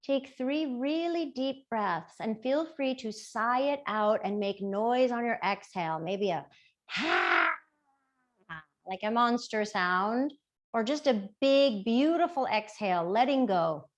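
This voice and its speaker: A woman teaching a gentle yoga class, with soft, playful step-by-step cues. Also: fairly high pitch. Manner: soft, slow, playful cueing.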